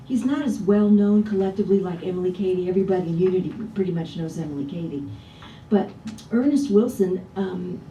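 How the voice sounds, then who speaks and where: A woman minister gives a relaxed, conversational sermon and often turns to the congregation with rhetorical questions. Her voice is mellow and warm. It is picked up from some distance in an echoey church, with a faint low rumble underneath. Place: church sanctuary.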